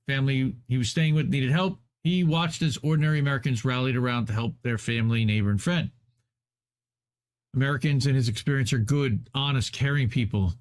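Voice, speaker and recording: A man hosting a live stream, reading an article aloud with emphatic delivery and sardonic asides. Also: mid-range voice.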